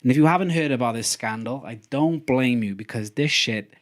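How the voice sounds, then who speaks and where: A man's voice: medium pitch, brisk. A young man hosting a podcast, chatting casually and steering the topics. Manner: easygoing, steers the talk. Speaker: podcast host. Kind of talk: casual chat.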